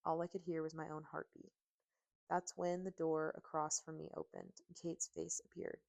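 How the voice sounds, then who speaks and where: A woman narrating a first-person audiobook in steady, emotive storytelling on a close mic. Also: low voice, normal speed, vocal fry.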